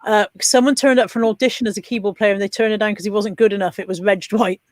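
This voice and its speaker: A woman's voice: medium pitch, fairly even intonation, fast talker, a little mellow, dry recording. A woman with a Bristolian accent chatting casually on a live stream, laughing often and reading out viewer comments. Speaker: co-host.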